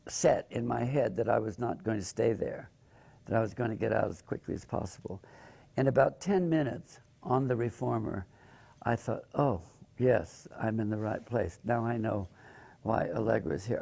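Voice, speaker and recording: Gravelly older man, halting and reflective. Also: medium pitch, mellow. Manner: halting, repeats words, many fillers. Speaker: movement teacher. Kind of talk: reflective interview talk.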